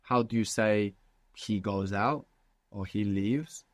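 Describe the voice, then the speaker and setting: A man's voice: on the low side, slow, no echo. A man teaching a language lesson, patiently prompting his student with questions.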